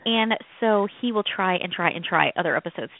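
A woman's voice: on the low side, fairly quick, no echo. A woman co-hosting a casual radio talk show, chatty and giggly, rambling through stories. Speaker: co-host. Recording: tinny phone-line radio sound.

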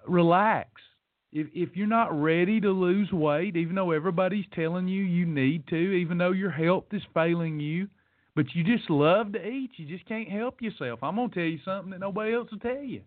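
A man's voice: high voice, dry recording. A man hosting a podcast in a casual, playful motivational monologue, folksy and teasing. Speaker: podcast host. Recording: dry, tinny phone-like sound.

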